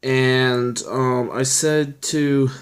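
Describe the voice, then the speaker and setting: Casual vlogger, young adult male, mid-pitched, loose and rambling delivery. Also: steady tone, extremely slow. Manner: rambling, filler-heavy, chatty storytelling. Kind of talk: casual chat showing his collection.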